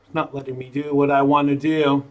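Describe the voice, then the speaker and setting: A man's voice: medium pitch, level tone, brisk. A man hosting a live-streamed talk show, chatting in a playful, jokey way as he sets up the broadcast. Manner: playful, jokey, self-amused.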